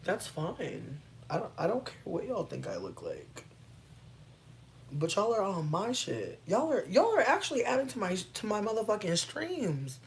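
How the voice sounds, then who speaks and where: A woman's voice: mid-range voice, wildly swooping pitch, moderate pace. A woman chatting casually on a livestream, reading and answering comments in a playful, laid-back way with plenty of swearing.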